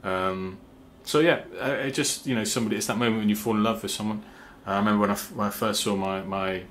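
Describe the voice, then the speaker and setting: Chatty man with a low voice. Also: a bit bright, a little hiss or hum. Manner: halting, many fillers and restarts; sings rhythm syllables to explain meter. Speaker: songwriter and channel host. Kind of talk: casual talk to camera.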